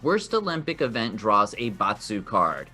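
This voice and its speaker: A man's voice: on the low side, big pitch swings, normal speed, pushed and bright, slightly rough. A man hosting a live improv comedy game show, upbeat and encouraging, laughing often.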